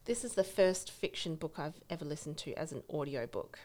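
A woman's voice: low-pitched, lively intonation, brisk, darkish tone. A woman co-hosting a podcast, chatting casually about books she has read and laughing often. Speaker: podcast co-host. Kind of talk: casual book chat.

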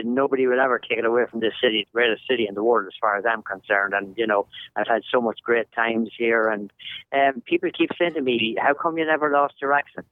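A man's voice: mid-range voice, dry recording. Older irish guy joking around, sounds like a phone line, dry. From Ireland. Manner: jokey storyteller. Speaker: guest, soccer commentator. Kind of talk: casual podcast interview.

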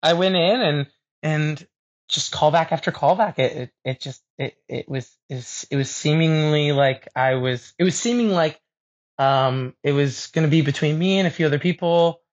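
A young man, a stage actor, speaks at normal speed in a slightly high voice. Chatting as a guest in a casual interview, he's self-deprecating, laughs often, and restarts sentences, and the lo-fi recording sounds dull.

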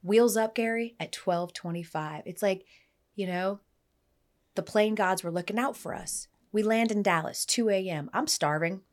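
A woman hosting a casual podcast, telling stories with lively energy and acting out the people in them. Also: medium pitch, moderate pace. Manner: animated storyteller, voices the people in her stories. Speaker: podcast host.

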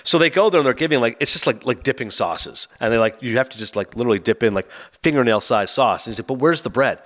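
A man's voice: mid-range voice, a bit bright. A man co-hosting a casual podcast, reviewing a movie and acting out the characters' lines. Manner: fast, chatty, acts out quotes.

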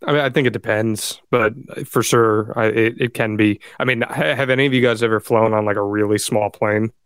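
A man's calm, smooth, resonant voice on a podcast, asking short questions in an easy chat. The recording is close and dry. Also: on the low side, a little fast, dry recording. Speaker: podcast co-host. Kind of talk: casual chat.

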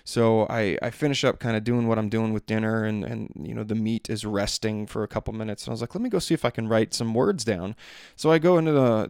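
A man's voice: lowish voice, gravelly, a little mellow, clean tone, no echo, studio quality. A man in his thirties telling casual personal stories on a podcast, rambling with lots of fillers and restarting his sentences.

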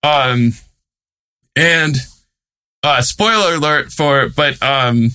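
A man's voice: fairly high pitch, very slow, bright, forceful tone, smooth. A male reporter telling a story in a casual, chatty way, with many fillers and amused laughs. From United States. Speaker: guest reporter and author.

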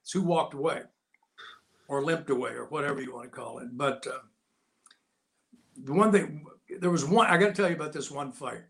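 An older man spins a lively anecdote as a guest, and his voice sits a touch high for a man. He jumps into the voices of the people in his story as he goes. The talk is loose and conversational. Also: fairly quick, vocal fry, pauses often. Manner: lively anecdotal, acts out quotes. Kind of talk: casual storytelling.

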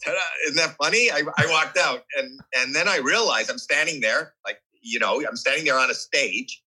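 A man's voice: medium pitch, moderate pace, husky, poor audio. A man in his sixties as an interview guest, telling a story animatedly, acting out voices and reactions, with frequent restarts and repeated words. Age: 60s. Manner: animated, acts out voices and reactions while recounting. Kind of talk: candid storytelling conversation.

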